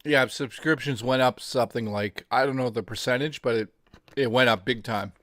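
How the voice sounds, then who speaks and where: A man's voice: mid-range voice, normal speed, fairly bright tone, no room sound, studio quality. A man co-hosting a casual livestream, chatting in an offhand, joking and profane way. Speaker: co-host.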